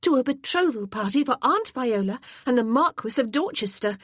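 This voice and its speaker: A woman puts on an eager, excitable teenage girl from a period novel. She sounds high and pleading, and her voice rises and falls a lot. The recording is close and dry. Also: normal speed, slightly rough, no room sound. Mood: excited. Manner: breathless, pleading.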